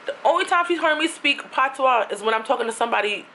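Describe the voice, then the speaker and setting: A woman's voice: sits high, animated, fast, bright, forceful tone, slight background noise. A young woman from Queens in New City, telling a rambling storytime with lots of asides. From New York City (Queens). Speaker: vlogger.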